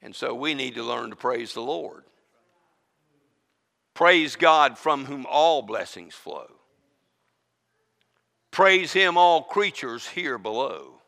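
A man preaching a sermon as interim pastor, swinging from booming declarations to hushed asides. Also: expressive, slow, gravelly, pauses often, in a large hall.

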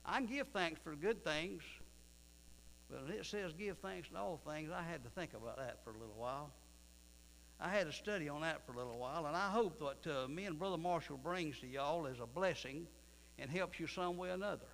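A man's voice: on the high side, expressive, brisk, gravelly, a bit bright. A man, a pastor preaching a sermon in a church, folksy in manner and building to emphatic preaching. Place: church sanctuary. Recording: distant reverberant room with mains hum.

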